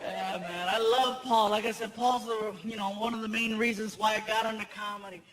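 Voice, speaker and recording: High-voiced man doing stand-up. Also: normal speed, crowd noise. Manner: animated storyteller who acts out other characters' voices. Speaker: stand-up comedian. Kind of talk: stand-up comedy storytelling. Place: large theater with a live audience. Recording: live stage recording with audience noise.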